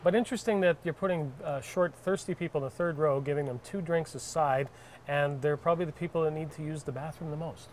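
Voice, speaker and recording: A man's voice: fairly high pitch, fast, a little hiss or hum. A man with a Canadian accent co-hosting a car review, bantering and joking as he shows the vehicle. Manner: jokey, animated asides.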